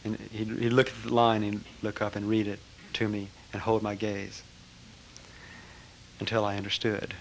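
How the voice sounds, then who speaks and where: Older man with a low voice, telling a story. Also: creaky, a little hiss or hum, rough recording. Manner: reflective, halting, with lively acted-out quotes. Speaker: speaker recounting a spiritual teacher. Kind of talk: personal storytelling to a gathering.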